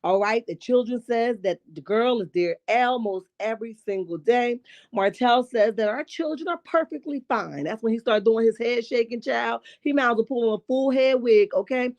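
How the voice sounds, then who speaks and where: A woman with a slightly high, raspy morning voice breaks down reality TV drama in AAVE. She swears freely, answers her own questions, and keeps pulling the chat in with "okay?" and "right?". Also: fairly even intonation, normal speed, darkish tone, lo-fi sound. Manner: sassy, profane, rhetorical asides with "okay?" and "right?". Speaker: reality TV commentary host. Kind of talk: casual reality-show recap with live chat.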